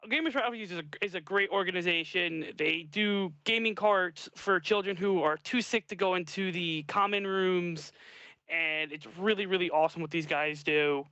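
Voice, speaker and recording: A man co-hosting a livestream, talking loudly and enthusiastically in casual chat. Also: sits high, clear, resonant tone, no echo. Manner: loud, quick, enthusiastic. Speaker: stream co-host.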